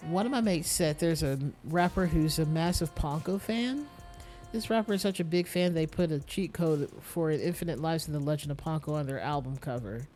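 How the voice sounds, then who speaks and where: A streamer voicing a chummy young male gamer customer, loud and full of slang. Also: mid-range voice, normal speed, soft background music, lightly acted. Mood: chummy, pushy. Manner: laddish slang, calls everyone mate. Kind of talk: reading game dialogue aloud.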